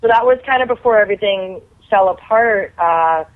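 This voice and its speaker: Actress in her thirties calling in as a guest, animated and chatty, sounds like a thin phone call. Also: mid-range voice, normal speed. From Canada. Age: 30s. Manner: chatty, animated, lots of "like" fillers. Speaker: guest actor. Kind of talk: casual storytelling. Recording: tinny phone line.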